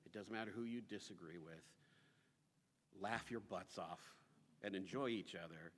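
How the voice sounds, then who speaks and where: Lower-voiced man speaking at a memorial. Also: normal speed, a bit bright. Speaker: eulogy speaker. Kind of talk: memorial speech. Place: memorial service hall. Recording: reverberant hall.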